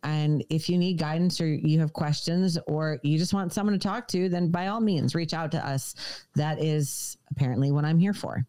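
A woman's voice: low voice, moderate pace, mellow. A woman, a podcast guest, talking earnestly in casual chat and chiming in on her husband's story.

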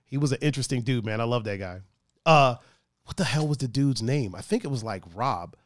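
A man hosting a livestream in a casual chat, telling animated stories full of slang. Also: medium pitch, brisk, no echo, clean studio sound. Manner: animated storytelling with slang and laughs. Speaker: livestream host.

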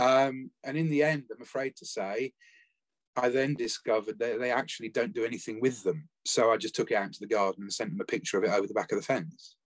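A man, talking earnestly and haltingly about caring for his late spouse in a conversational interview. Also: mid-range voice, steady tone, no echo. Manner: earnest, reflective, halting with restarts. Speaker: bereaved former family carer, guest.

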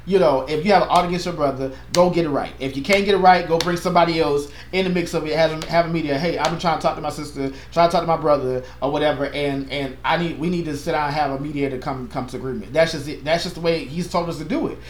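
Earnest passionate pastor in an echoey room. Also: male voice, fairly high pitch, fast, hardly any pauses, slight background noise. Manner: earnest, passionate, animated with playful asides. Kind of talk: casual chat.

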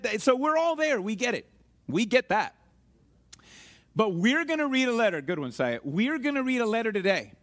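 A man's voice: high voice, a bit bright. A middle-aged man preaching a conversational sermon to his church, joking and asking the congregation questions. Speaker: pastor.

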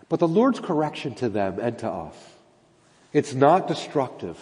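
A man's voice: medium pitch, big pitch swings, normal speed, a little mellow. A man preaching a sermon as pastor, talking earnestly, asking rhetorical questions and repeating his words. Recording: long reverb of a large hall.

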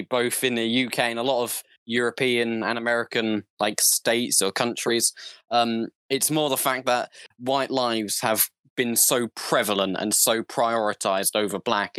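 A young man co-hosting a casual podcast over an online call, earnest and halting with many fillers. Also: mid-range voice, fairly bright tone, no room sound. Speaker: podcast co-host. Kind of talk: casual opinion chat. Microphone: online call mic.

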